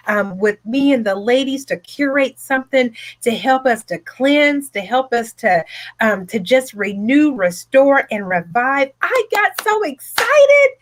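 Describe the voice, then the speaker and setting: Woman, high voice, emphatic, repetitive, motivational storytelling, home office. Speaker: retreat host, speaker. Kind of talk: motivational personal talk.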